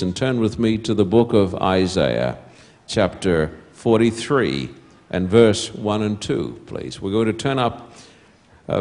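Slow, deliberate man preaching. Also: fairly low pitch. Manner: slow, deliberate storytelling with hushed quiet passages. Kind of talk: sermon.

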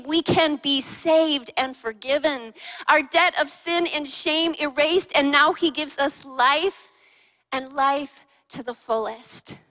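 A woman preaching a sermon to a congregation in a church hall. She speaks in an animated way, firing questions at her listeners and teasing them. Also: sits high. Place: large church hall with a live and online congregation. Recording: long reverb of a large hall.

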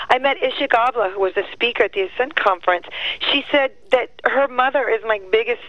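A middle-aged woman, an actress and singer, telling stories as a guest in an interview, lively and acting out quoted voices. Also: fairly quick, dry recording. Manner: lively, acts out quoted voices with big pitch jumps. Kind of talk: animated storytelling interview. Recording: muffled dry phone line.

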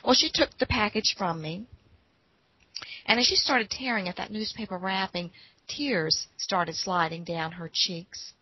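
A woman telling a personal story in an unhurried, folksy way. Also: mid-range voice, breathy edge, muffled recording.

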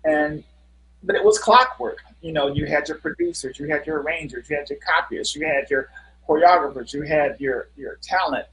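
Earnest middle-aged man, slightly high voice. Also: moderate pace, a bit bright, rough recording. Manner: earnest, many "you know" fillers. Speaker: guest musician. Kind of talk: casual interview storytelling.

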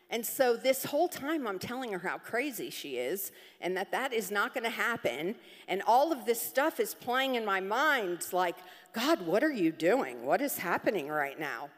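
A woman's voice: mid-range voice, fairly bright tone, in a large hall. A woman giving a personal testimony on a church stage, telling her story with laughs and acted-out quotes.

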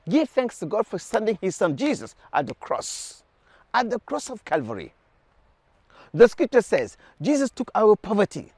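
A man's voice: sits high, darkish tone, no echo. A man leading a televised prayer sermon, urging viewers with fervent repeated calls. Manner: fervent, repetitive exhortations to the viewer. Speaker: preacher.

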